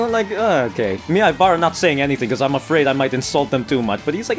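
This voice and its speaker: An American man chats over a racing game, his pitch leaping up and down as he laughs and restarts his sentences. Soft game music plays faintly behind him. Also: fast talker. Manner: animated, laughs often, trips over restarts. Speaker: let's play gamer. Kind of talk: casual gameplay commentary.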